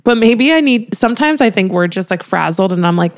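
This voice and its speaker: A woman's voice: medium pitch, lively intonation, a little fast. A young woman co-hosting a podcast, talking casually and candidly, often laughing. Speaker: podcast co-host. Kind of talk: casual chat.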